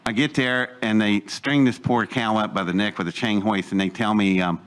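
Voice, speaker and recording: A man's voice: lowish voice, steady tone, normal speed, a bit bright, smooth. Older male storyteller, live audience, rambling and digressive, chuckles through his asides. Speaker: speaker telling a life story.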